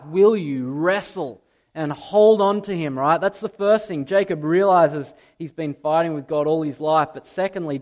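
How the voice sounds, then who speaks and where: A man preaching a sermon to a congregation, swinging from loud emphatic peaks to quiet, intimate asides. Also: high voice. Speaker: pastor. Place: church hall with a live congregation.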